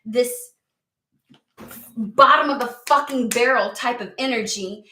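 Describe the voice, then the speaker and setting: A woman's voice: fairly high pitch, measured pace, bright, forceful tone, echoey room. A woman giving a casual tarot reading, talking bluntly and swearing a lot in an exasperated rant. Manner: blunt, profane, exasperated ranting. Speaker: tarot reader.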